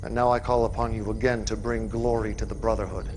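A man's voice: fairly low pitch, level tone, fast, noisy background, natural voice. An actor playing a commanding male cult leader who preaches to his follower, in a game cutscene. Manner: grand, preaching delivery.

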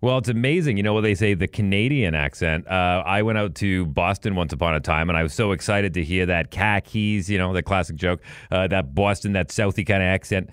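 A man's voice: low-pitched, a little fast, hardly any pauses, smooth, no room sound, clean studio sound. A man co-hosting a podcast, chatting casually and going off on enthusiastic tangents to explain trivia. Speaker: podcast co-host.

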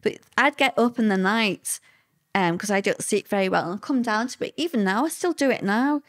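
An older woman, a guest recalling hard times in a halting, emotional way with many fillers. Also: mid-range voice, animated. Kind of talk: personal interview recollection.

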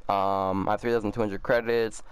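A man's voice: fairly low pitch, level tone, fairly quick. A man, a gaming YouTuber, talking casually and upbeat, full of fillers like "bro" and "um". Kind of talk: casual gaming chat and video outro.

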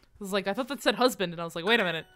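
Woman streamer chatting to chat, smooth clear voice, excitable, swears a lot, yells out of nowhere. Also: mid-range voice, racing. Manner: excitable, swears, sudden loud outbursts; repeats foreign phrases aloud while practicing. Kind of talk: casual live-stream chat.

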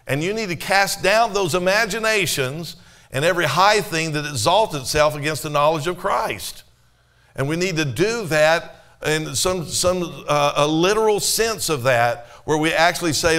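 A male pastor with a voice pitched a bit above most men's, delivering a sermon in a church. He talks to the congregation in a plain, conversational way, asking rhetorical questions and quoting scripture. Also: expressive, unhurried, sharp tone. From Canada.

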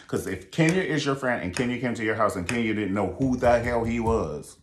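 A man giving a sassy, campy review of a reality show, animated and blunt, with shrill falsetto bursts when he imitates people. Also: fairly quick, few pauses, slight background noise. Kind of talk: sassy vlog commentary. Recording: echoey room.

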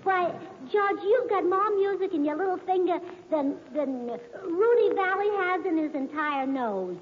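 A high, lively woman's voice with a scatterbrained, chirpy charm, pure 1940s radio comedy. Her pitch leaps around as she talks. The sound is dull and lo-fi, with a faint hall ring and soft hiss. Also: measured pace.

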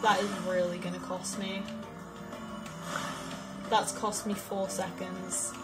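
A woman giving casual let's-play commentary, chatting and muttering to herself, with sudden loud frustrated outbursts. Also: medium pitch, flat delivery, slow pace. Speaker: gaming video creator. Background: game music.

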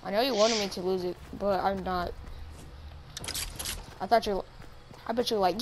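A woman's voice: mid-range voice, fairly even intonation, normal speed, pauses often, slight background noise. A woman trash-talking casually with a friend during an online game. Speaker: gamer. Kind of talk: casual gaming chat.

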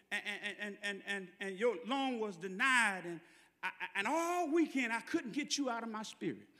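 A Southern preacher with a very high, bright, forceful voice tells a story from the pulpit, moving from easy conversational delivery to fervent shouting. His voice rings with the long reverb of a church hall. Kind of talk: sermon storytelling. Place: church sanctuary.

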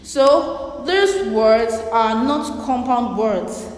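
A woman's voice: a little high, lively intonation, drawn-out words. A woman teaching young children a spelling and reading lesson, spelling words out letter by letter and repeating them. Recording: echoey room with long reverb.

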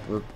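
A man giving casual gameplay commentary, swearing, laughing and trash-talking his opponents. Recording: noisy with game gunfire behind. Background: gunfire and keyboard clicks.

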